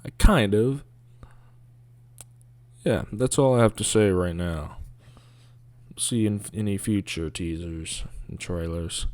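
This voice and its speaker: A man's voice: on the low side, slow, long pauses, a little mellow, no room sound. A man giving casual, rambling commentary on a video, sarcastic and grumbling, with mocking asides.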